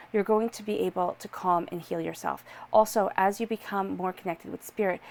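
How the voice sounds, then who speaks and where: A woman's voice: mid-range voice, a little mellow. A woman giving a personal tarot reading in a soothing, reassuring way. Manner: soothing, reassuring, drawn-out repetitions. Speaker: tarot reader.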